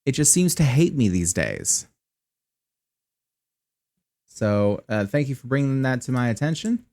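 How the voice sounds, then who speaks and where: A streamer with a medium-pitched, darkish, sing-song voice speaks a little slowly as he chats wryly through casual live gameplay commentary, swearing when annoyed. He uses a close desk mic run through a voice changer app.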